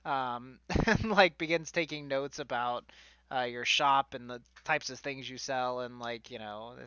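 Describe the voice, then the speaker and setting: A man's voice: medium pitch, measured pace, bright, forceful tone, smooth, no room sound, dull audio. A man acting as game master for a tabletop game, narrating in a rambling way with many fillers.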